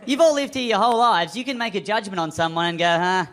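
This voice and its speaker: High-voiced Australian man on stage. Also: lively intonation, fast, a bit bright. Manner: self-mocking storytelling. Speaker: stand-up comedian. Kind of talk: stand-up set. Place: comedy club stage. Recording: live club crowd noise. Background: audience laughter.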